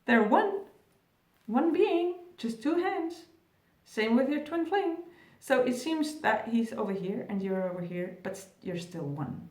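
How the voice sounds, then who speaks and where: A woman talking to camera as a spiritual vlogger, gentle, earnest and reassuring. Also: fairly high pitch, animated, unhurried. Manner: gentle, earnest and reassuring, with soft laughs and fillers. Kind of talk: casual talk to camera. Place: indoor room, Australia. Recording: echoey room, distant mic.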